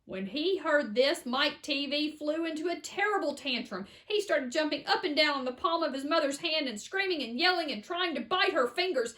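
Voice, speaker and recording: A woman narrating a children's storybook aloud in an expressive, animated way. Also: high voice, normal speed, hardly any pauses.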